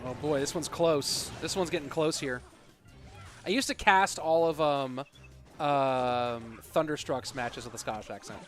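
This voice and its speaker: A young American man casting an esports match live, chatting with viewers in a rambling way with lots of fillers, then breaking into loud, excited play-by-play. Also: medium pitch, a little slow, faint music behind. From United States. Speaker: esports caster. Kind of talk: livestream commentary and chat.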